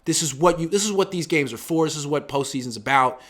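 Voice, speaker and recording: A man in his thirties hosts a casual sports talk show, speaking fast in a voice on the high side. He's animated, acting out quotes in swinging voices.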